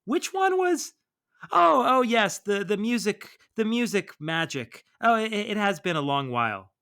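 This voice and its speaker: A man voicing a startled, soft-spoken alien woman from a comic, reading her lines in a high, fluttery, hesitant voice. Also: sing-song, measured pace, clear, resonant tone, full character voice. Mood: flustered.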